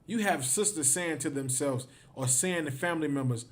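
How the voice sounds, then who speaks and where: A man with a somewhat high-pitched voice leads a livestreamed scripture class. He talks emphatically, circling back over the same points and tagging phrase after phrase with "man". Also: moderate pace, hardly any pauses. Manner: emphatic, repeats himself, ends phrases with "man". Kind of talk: livestreamed teaching.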